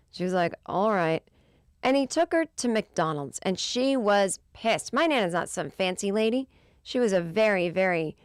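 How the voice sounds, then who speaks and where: A woman in her thirties, a comedian hosting her podcast, telling rambling funny stories with lots of swearing and bursts of loud exasperation. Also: medium pitch, smooth, dry recording, clean studio sound. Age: 30s. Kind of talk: casual comedic storytelling.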